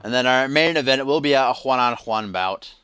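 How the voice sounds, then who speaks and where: A man's voice: medium pitch, a little fast, bright, forceful tone, clean tone, no room sound. A man hosting a live stream, giving joking play-by-play of a wrestling video game between chat asides. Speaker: stream host and commentator.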